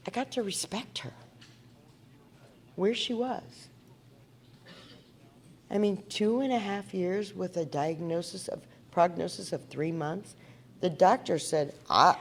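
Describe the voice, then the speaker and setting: A woman from Indiana speaking at a recovery meeting, telling her story in an earnest, conversational way and asking the audience questions. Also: mid-range voice. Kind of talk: personal recovery talk at a meeting. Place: meeting hall before an audience.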